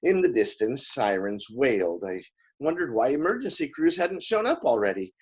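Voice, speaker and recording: A man reading a novel aloud in expressive first-person narration, with small slips along the way. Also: medium pitch, moderate pace, slightly rough. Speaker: audiobook reader.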